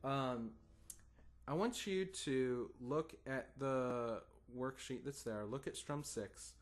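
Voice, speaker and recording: A man's voice: mid-range voice, slow pace. Man teaching guitar, singing rhythms. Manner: encouraging, patient, sings rhythms as "da da". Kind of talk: guitar lesson.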